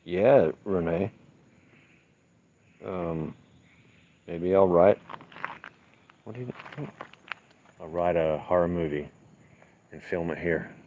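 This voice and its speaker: A man with a notably deep, low voice talks in a relaxed, meandering way, answering viewer comments as he strolls outside at night. The sound is muffled and lo-fi, like a phone stream. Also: takes it slowly, long pauses. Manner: easygoing, rambling, low-key. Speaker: livestream host. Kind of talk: casual live-stream chat, reading viewer comments. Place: outdoors at night on gravel.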